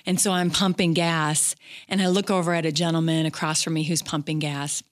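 A middle-aged woman telling a personal story as an interview guest, candid and halting, with many fillers. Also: sits low, little pitch movement.

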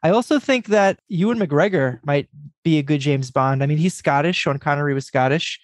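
A man's voice: on the high side, moderate pace, no echo, clean studio sound. A man co-hosting a podcast, chatting casually and joking with enthusiasm. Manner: lively, jokey, enthusiastic. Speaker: podcast co-host.

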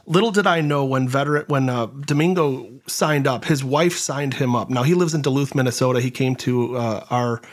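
A man of middle pitch tells a long story in a conversational way. He quotes other people often and fills his pauses with "uh" and "you know". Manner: retells a story with many quoted lines and fillers. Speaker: host and nonprofit organizer.

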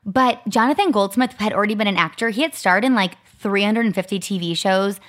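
A podcast co-host in her thirties from Arizona chats casually at a slightly quick clip, her voice at an ordinary middle pitch. She keeps a story going with animated retellings and leans heavily on "like."

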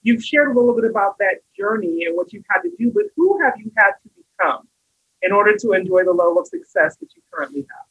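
A woman's voice: medium pitch, big pitch swings, fast talker, fairly bright tone, husky, highs cut off. A woman hosting a casual interview, enthusiastic and affirming her guest often. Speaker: host.

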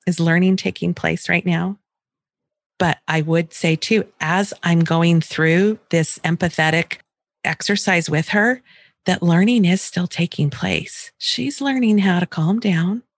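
A middle-aged woman and grandmother giving calm parenting advice, acting out a child's complaints and her own soft replies. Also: lowish voice, takes it slowly, gravelly, no room sound, clean studio sound. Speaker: homeschooling parent coach.

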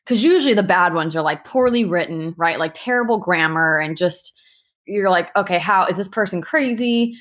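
Lower-pitched woman telling animated stories. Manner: animated storytelling with quick asides and restarts. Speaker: guest who handles reviews for partner animal hospitals. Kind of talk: casual interview answers.

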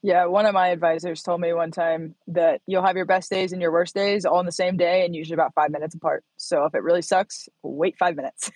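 A woman in her thirties from Indiana, a startup founder telling her story as an interview guest, animated and laughing often as she acts out quotes. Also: on the low side, fairly quick, no room sound, low-quality recording.

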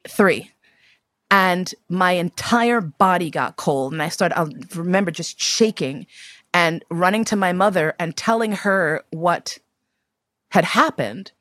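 A woman's voice: on the low side, slow, fairly bright tone, dry recording, studio quality. A woman in her fifties from New York City, telling personal stories candidly and expressively, swearing casually. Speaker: guest.

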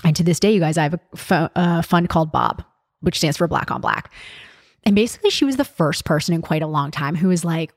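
A woman's voice: lowish voice, fairly quick, no room sound, studio quality. A young adult woman hosting a podcast, talking candidly and casually with lots of fillers and swearing. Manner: candid, profane, chatty with many fillers. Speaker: podcast host.

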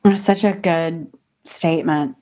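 A woman hosts a podcast in a casual, conversational way. She speaks emphatically, and her voice leaps upward whenever she stresses a point. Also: unhurried. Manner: animated, emphatic, pitch jumps up for emphasis. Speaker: podcast host.

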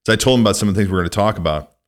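A man's voice: fairly low pitch, racing. A man hosting a casual conversation, easygoing, with frequent "uh" fillers. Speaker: podcast host.

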